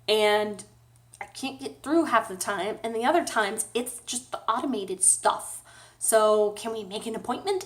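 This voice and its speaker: A woman's voice: fairly high pitch, a little slow. Sad woman rambling in a vlog. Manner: rambling, emotional storytelling with nervous laughs. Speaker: vlogger. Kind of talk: casual personal vlog.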